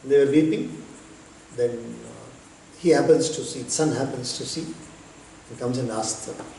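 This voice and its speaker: A man, a spiritual teacher telling a devotional story in an unhurried way, with pauses and bits of chanting. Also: medium pitch, creaky, mellow. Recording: echoey hall, distant mic, faint noise.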